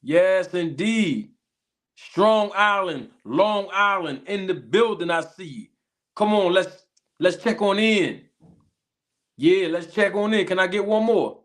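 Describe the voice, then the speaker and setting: Slightly sick, this high-voiced livestream host from Philadelphia keeps things casual, dragging out shout-outs to viewers and tossing in catchphrases in his Philly accent.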